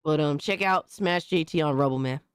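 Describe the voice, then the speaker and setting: A young-sounding man streams live and chats to his viewers in a hoarse, worn voice after being sick. He talks in bursts of excitement, swears freely and keeps giving shout-outs. His voice sounds close and dry. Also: a little high, normal speed, no room sound. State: hoarse, recovering from illness. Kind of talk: casual live-stream chat.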